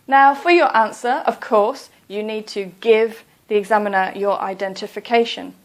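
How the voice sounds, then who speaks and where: A woman giving a slow, scripted English test lesson, pronouncing each phrase carefully. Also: mid-range voice. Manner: slow, careful, clearly enunciated.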